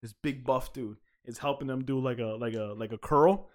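A man's voice: medium pitch, moderate pace. A man co-hosting a casual podcast in an apartment, telling profane stories with lots of laughter. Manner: profane, animated storyteller, laughs often. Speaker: podcast co-host. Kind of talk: casual drunk podcast chat.

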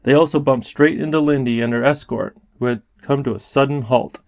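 Gravelly-voiced male audiobook narrator. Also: mid-range voice, brisk, darkish tone, no echo, studio quality. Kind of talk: scripted narration.

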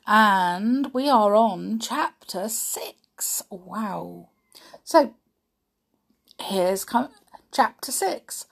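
A woman reading a children's book aloud as a podcast host, slow and deliberate with soft asides. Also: mid-range voice, expressive, gravelly. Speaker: podcast storyteller.

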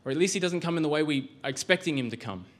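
A man's voice: fairly high pitch, animated, very fast. A male pastor giving a sermon in a church, conversational, with rhetorical questions and frequent restarts.

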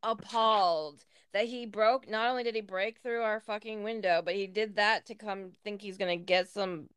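A woman's voice: medium pitch, fairly even intonation, normal speed, a bit bright, clean tone, no room sound. A young woman co-hosting a podcast, telling embarrassing stories in a casual, laughing, expletive-heavy way. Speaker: podcast co-host. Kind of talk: casual storytelling chat.

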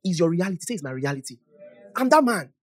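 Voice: medium pitch, very animated, fast talker. A preacher giving a conversational sermon, asking the listeners questions and laughing often, then praying aloud in tongues. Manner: prays aloud in tongues, rising in loudness. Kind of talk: sermon and prayer.

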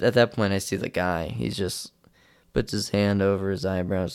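A young man rambles through a casual podcast story, poking fun at himself. His voice has a gravelly, creaky texture. The sound is close and dry, with no room echo. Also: fairly low pitch, a little fast, a little mellow. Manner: rambling, self-deprecating, acts out quotes in raised voices. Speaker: podcast host.

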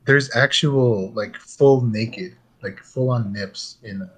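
A man hosting a podcast in casual chat, hoarse from losing his voice, talking in a laid-back, rambling way. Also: medium pitch, slow, fairly bright tone. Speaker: podcast host.

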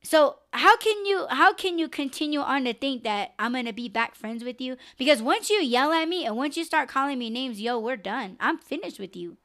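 This is a casual live podcast rant from a young woman host, full of profanity and blunt, animated venting. Her voice sits high, at normal speed, with few pauses.

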